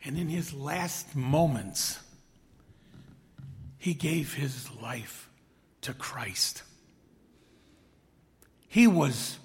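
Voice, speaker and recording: Slow preacher in a reverberant hall. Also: male voice, medium pitch, expressive. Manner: slow, swells loud then drops to a hushed whisper. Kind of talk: sermon reading scripture.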